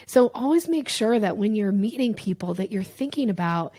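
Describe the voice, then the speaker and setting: Lively woman teaching sales in an interview. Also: medium pitch, normal speed, dry recording. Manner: animated, acts out little voices and examples. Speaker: sales coach guest.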